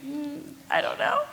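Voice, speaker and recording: A woman's voice: extremely high pitch, background noise. A woman author answering questions at a casual convention panel, giggly and full of fillers. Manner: giggly, uses lots of fillers. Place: large convention hall. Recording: echoey convention hall.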